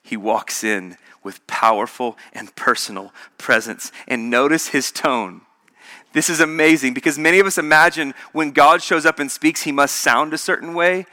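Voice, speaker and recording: A man's voice: a little high, moderate pace, bright, forceful tone. A man preaching a sermon in an emphatic, repetitive way, building each point through contrasts.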